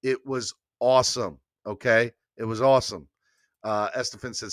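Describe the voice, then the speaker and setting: Bright, energetic sports podcast host. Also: male voice, normal speed, no room sound, clean studio sound. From New York. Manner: energetic, repetitive hype-man pitching. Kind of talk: live podcast sign-off and promos.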